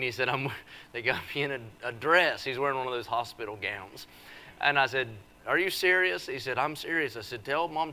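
A man preaching a revival sermon, teasing the congregation in a folksy way before building into forceful preaching. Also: medium pitch, a little hiss or hum. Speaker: visiting preacher. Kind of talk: revival sermon with joking asides. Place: church service.

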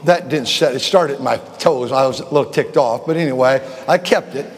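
A man's voice: medium pitch, normal speed. An older man pastor telling a rambling, chuckling story from the pulpit during an informal sermon, often restarting his sentences. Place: church sanctuary. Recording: long reverb of a large church hall.

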